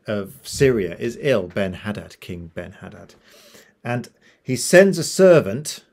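A man retelling a Bible story to a church in a casual, chatty way, with jokey asides and self-corrections. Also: medium pitch.

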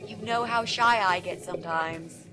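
A woman's voice: on the low side, normal speed, close to an everyday voice. An actress voicing a pushy young female student in a game, eager and bossy, sweetly fake when she performs. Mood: coaxing. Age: young adult. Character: pushy chirpy young woman student, scheming. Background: game music.

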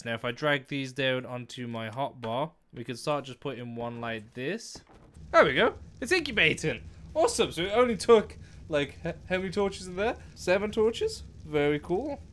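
A young man with a fairly high, lively voice narrates his game run. He talks straight to the creatures on screen and bursts into loud exclamations often. His has an or ring. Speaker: gaming YouTuber. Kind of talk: let's play commentary.

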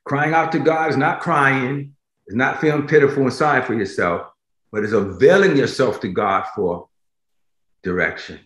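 A man's voice: mid-range voice, normal speed, a bit bright. A man preaching a sermon, emphatic, repeating phrases for stress and asking his listeners directly if they follow. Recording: roomy echo.

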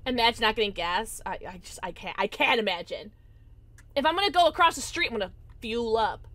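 A woman streamer giving excitable, jokey live gameplay commentary, quick to laugh. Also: on the high side, no echo.

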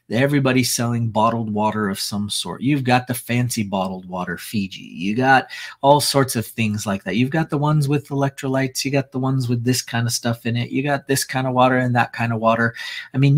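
A man hosts a casual business commentary, breaking into sarcastic asides and tagging his points with "right?" His voice sits at a middling pitch with a husky, slightly breathy texture. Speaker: podcast host. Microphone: screen-share recording.

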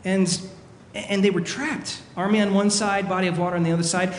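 A fairly high-voiced man preaches in a big, echoey hall where his words ring out with a long reverb. He tells his story with animated energy and acts out the panicked voices of the people in it. A faint hiss sits under the recording. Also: fast talker. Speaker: pastor. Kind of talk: sermon.

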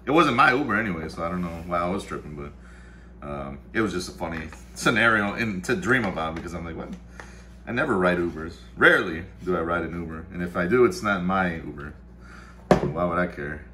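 Male vlogger, deep, punchy delivery; loose, swearing, muttering asides; faint background noise. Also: expressive, fairly quick, pushed and bright. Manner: rambling, profane, mutters to himself. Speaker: vlog host. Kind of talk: casual chat while making coffee. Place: home kitchen-dining room.

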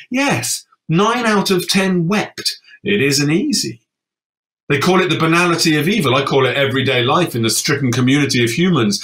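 A man performing his own poetic text on a festival stage, moving from brisk sarcasm to hushed, slow gravity. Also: medium pitch. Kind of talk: dramatic spoken-word performance. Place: festival stage, live audience.

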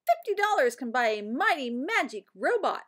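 A woman doing a grumpy, shouting schoolboy. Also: high voice, sing-song, normal speed, pitched above the performer's own voice. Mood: grumbling. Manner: loud, scornful outbursts. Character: grumpy schoolboy who hates pets.

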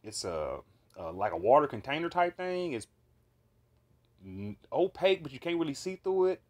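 Speaking at a moderate pace in a slightly high voice, a man describes a vivid dream he had. The monologue is casual and animated, full of swearing, fillers and restarts as he rambles.

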